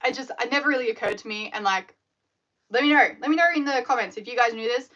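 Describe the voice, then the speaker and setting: A woman, chatting on her live stream in an animated, rambling way full of fillers. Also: fairly high pitch, fast, highs cut off. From Australia. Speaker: scrunchie maker hosting a live stream. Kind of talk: casual live-stream chat.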